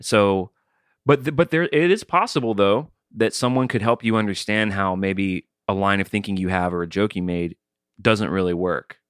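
A man in his forties co-hosts a podcast, working through ideas carefully and restarting his sentences. His voice sits fairly low. The sound is close and dry. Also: normal speed, fairly bright tone, smooth, dry recording. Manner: thoughtful, reasoning aloud with restarts. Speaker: podcast co-host. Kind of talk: casual podcast discussion.

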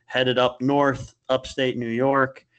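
A man's voice: medium pitch, level tone, slow pace, smooth, muffled recording. A man hosting a podcast in a loose, joking, casual chat. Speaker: podcast host.

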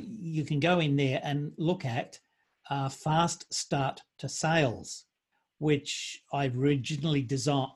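A man's voice: mid-range voice, a little mellow. A man hosting a podcast, chatting in a jokey, easygoing way with his guest. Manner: jokey, chatty, laughs easily. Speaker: podcast host. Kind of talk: casual interview chat.

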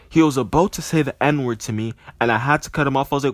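A man spinning a comic anecdote with lively, exaggerated delivery. His voice sits at a medium pitch. The recording is dry and close, with no room sound. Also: fast, hardly any pauses, dry recording. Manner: animated, exaggerated retelling. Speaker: comedic storyteller. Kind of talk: comedic storytelling monologue.

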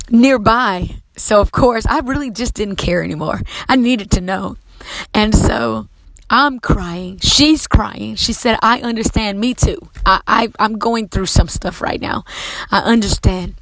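A middle-aged woman preaches a heartfelt testimony, her voice fervent and close to tears. Her pitch sits a little high, and the sound is dry and close, with no room around it. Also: dry recording, low-quality recording. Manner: emotional, fervent, fighting tears. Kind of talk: testimony sermon.

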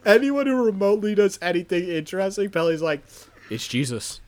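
A young man in his twenties ribs his co-host on a relaxed podcast, wry and amused. His voice is high for a man and swings widely in pitch, bouncing up and down as he teases. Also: fast. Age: 20s. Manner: teasing, wry, frequently laughing. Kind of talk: casual podcast chat.

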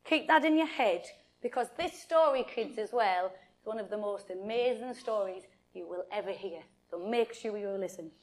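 A woman telling a Bible story to children and adults in an animated way, often addressing her listeners directly. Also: mid-range voice, moderate pace.

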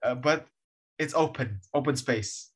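A young man from Indonesia, English his second language, with an American-based Indonesian accent, co-hosting a casual chat in a halting, self-correcting way. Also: mid-range voice, slightly rough. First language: not English. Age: young adult. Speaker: podcast co-host.

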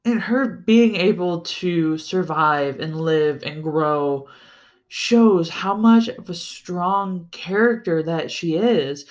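An unhurried, mid-pitched podcast host talks casually about a book series on their own. They swear freely and get excited, often stumbling and starting sentences over. The delivery stays slow and drawn out throughout. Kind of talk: casual solo book-review chat.

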